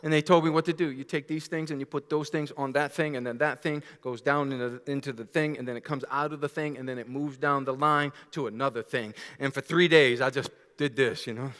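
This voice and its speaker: A man preaching a sermon as pastor, dropping to hushed, intimate lines and rising into loud, laughing storytelling. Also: fairly high pitch, big-room sound. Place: church sanctuary.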